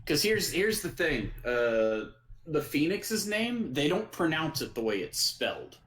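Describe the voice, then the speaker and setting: A man's voice: fairly high pitch, very animated, measured pace, a bit bright, rough recording. A man co-hosting an anime podcast, talking easily with lots of fillers and frequent laughs. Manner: easygoing, hesitant with fillers, laughs often. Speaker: podcast co-host. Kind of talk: casual anime recap chat.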